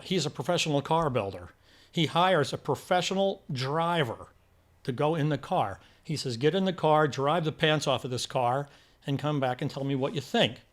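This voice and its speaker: An older man co-hosting a casual movie review chat, telling stories and acting out quotes with energy. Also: medium pitch. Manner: animated storyteller, acts out quotes.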